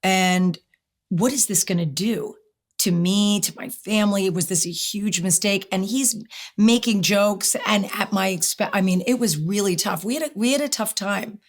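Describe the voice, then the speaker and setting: A middle-aged woman telling a personal story as an interview guest, lively and quick to act out what people said. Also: mid-range voice. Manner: animated storyteller, acts out quotes.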